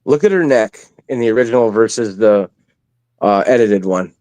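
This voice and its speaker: A man's voice: lowish voice, animated, moderate pace, a little mellow, no echo, low-quality recording. A man guest in a casual stream chat, pointing things out with stammering repeats. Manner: stammering repeats, laughs along.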